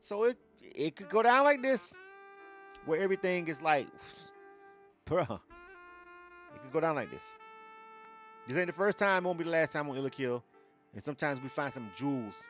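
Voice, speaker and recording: A man's voice: medium pitch, a bit bright. A man hosting a live radio music segment, talking loosely and profanely to viewers, ranting between asides. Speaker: radio show host. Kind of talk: casual livestream radio talk.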